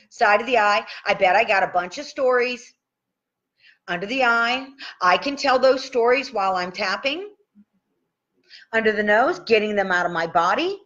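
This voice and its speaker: A woman's voice: mid-range voice, fairly bright tone. A woman leading a guided tapping session. She calls out the tapping points and repeats affirmations in an upbeat, chatty way, and now and then she swears casually. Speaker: tapping coach. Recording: muffled, dull live-stream audio.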